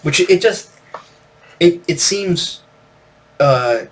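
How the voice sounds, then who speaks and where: A man's voice: a little high, expressive, extremely slow, slight background noise. Guy rambling on about an old rock record, lots of ums and you-knows, laughs a lot. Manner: rambling, filler-heavy, laughs often. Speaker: album reviewer. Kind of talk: casual record review.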